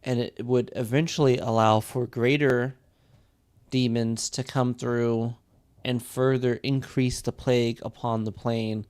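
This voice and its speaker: Male game master, mid-pitched, unhurried lore explainer, drawn-out delivery. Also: a little mellow. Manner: slow, deliberate and drawn-out.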